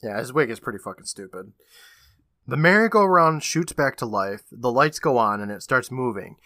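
A man's voice: medium pitch, animated, normal speed, sharp tone, dry recording, clean studio sound. A man co-hosting a podcast, animatedly retelling a TV episode in casual chat and laughing often. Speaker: podcast co-host.

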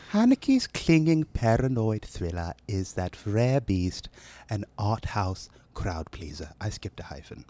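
A man putting on a put-on British accent to voice an elderly knighted British male announcer, in whispered role-play with a hushed, unvoiced whisper. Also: lowish voice, very animated, takes it slowly. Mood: solemn.

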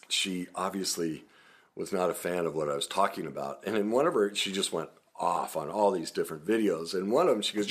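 A man talking through a casual monologue as a podcast host and recovery coach. He laughs and acts out quoted comments, then turns calm and earnest. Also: deep voice.

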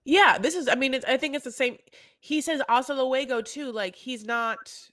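Animated rambling woman podcaster. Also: high-pitched, normal speed, no echo. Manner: animated, rambling, restarts a lot. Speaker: podcast co-host. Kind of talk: casual recap chat.

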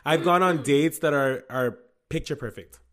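A young man co-hosting a casual chat, talking in a relaxed, wry way about his own dating past. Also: fairly high pitch, moderate pace. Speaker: podcast co-host.

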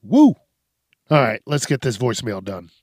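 A man's voice: medium pitch, moderate pace, very noisy. Whooping male comedy podcast host. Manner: excitable, whooping. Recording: music playing behind.

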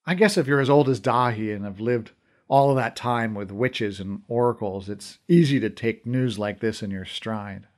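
A man's voice: medium pitch, normal speed. A man reading a fantasy novel aloud in first person, with wry, conversational storytelling. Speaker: audiobook narrator. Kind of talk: scripted first-person narration.

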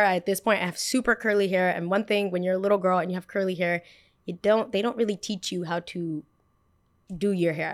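A woman in her twenties, hosting a podcast and telling a personal story in a casual, chatty way full of "like" fillers. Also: fairly low pitch. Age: 20s. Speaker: podcast host.

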